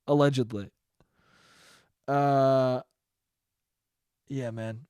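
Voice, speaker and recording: A young man from New York hosting a solo comedy podcast, riffing with profanity, swinging from loud bursts to mumbled asides and high laughs. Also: fairly even intonation, extremely slow, clear, resonant tone, no room sound. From New York (Westchester). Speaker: podcast host.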